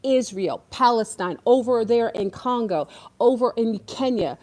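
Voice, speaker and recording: A woman's voice: a little high, lively intonation, a little slow, darkish tone. A woman ranting in casual commentary, exasperated and sarcastic, now and then mocking others in put-on voices. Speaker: podcast host.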